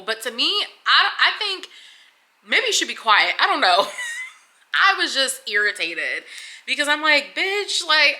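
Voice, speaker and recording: Bright-voiced woman telling her story candidly. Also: medium pitch. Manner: candid and swearing, emotional, near tears at times. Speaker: vlogger. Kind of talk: casual confessional storytelling.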